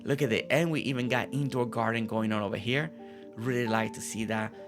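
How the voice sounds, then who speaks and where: A man's voice: mid-range voice, steady tone, fairly quick, music in the background. A man giving casual gameplay commentary as a gaming channel host, admiring what he sees and repeating phrases for emphasis.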